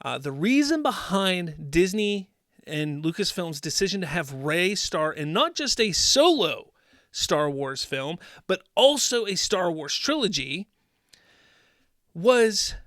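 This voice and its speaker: A man with a high voice hosts a commentary show, sarcastic and emphatic as he mocks and hammers his points. The sound is dry and close, with no room around him. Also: very animated, slow pace, a bit bright, no room sound. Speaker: host. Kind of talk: opinionated commentary.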